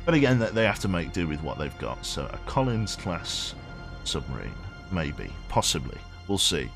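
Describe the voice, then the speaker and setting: A deep-voiced man chatting loosely through a game stream, his pitch bouncing up and down in a lively way. He rambles, reads on-screen text aloud and swears offhand, with faint game music behind him. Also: normal speed, vocal fry. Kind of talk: casual live game commentary.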